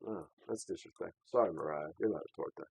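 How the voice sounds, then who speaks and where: A man's voice: sits low, fast, gravelly, a little mellow, slightly rough, no echo. A man hosting a casual late-night podcast chat with friends, teasing and joking with plenty of swearing, on a microphone hung from fishing line. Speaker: podcast host. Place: room at home late at night.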